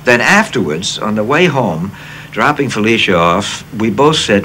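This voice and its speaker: A man in his sixties from the United States, telling stories in a casual interview with plenty of self-deprecating humor. His lowish voice moves a lot, bright and forceful in tone. A faint noise floor sits underneath. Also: normal speed. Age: 60s. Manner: animated raconteur, self-deprecating. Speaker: actor guest.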